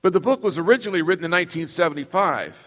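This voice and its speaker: A man's voice: high-pitched, expressive, racing, a bit bright. A middle-aged man preaching a sermon as pastor, emphatic and calling on the congregation to repeat lines after him. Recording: long reverb of a large hall.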